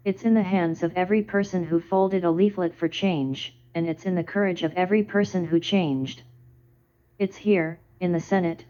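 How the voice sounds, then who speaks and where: A woman in her thirties, a defense lawyer, giving a formal speech to a legislative chamber with a measured, rhetorical cadence. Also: fairly low pitch, a little mellow. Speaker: defense lawyer addressing the Senate. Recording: dull lo-fi archival broadcast.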